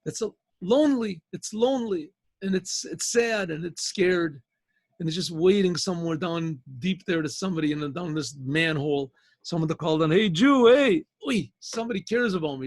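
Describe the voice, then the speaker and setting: A man's voice: a little high, no echo. A man, a rabbi, telling a story in a rambling, conversational way with many restarts, speaking over a video call. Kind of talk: storytelling talk.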